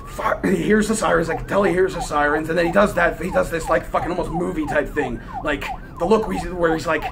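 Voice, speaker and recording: A man's voice: on the high side, fast talker, creaky, few pauses, noisy background. A man casually telling a long, rambling story, swearing constantly and acting out every beat. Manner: profane, animated, rambling. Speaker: vlogger.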